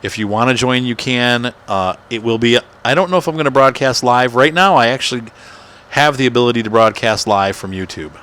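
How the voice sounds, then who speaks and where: A man's voice: mid-range voice, brisk, a bit bright, clean tone. A man chatting casually as he plays and hosts his gaming channel, rambling and poking fun at himself. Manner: chatty, rambling, self-deprecating. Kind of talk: casual gameplay commentary. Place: home room. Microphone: desk microphone.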